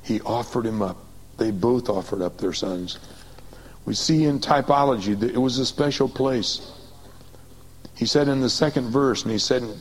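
A man preaching a sermon, swinging from excited high bursts to quiet low reading, calling on the congregation to repeat after him. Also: moderate pace, husky, low-quality recording. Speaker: pastor.

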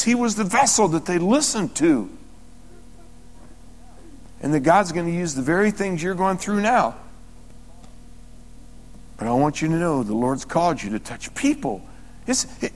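Animated pastor preaching in a reverberant hall. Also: male voice, fairly high pitch. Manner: animated storytelling, rising excitedly and retelling dialogue. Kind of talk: sermon. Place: church sanctuary. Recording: long reverb of a church hall.

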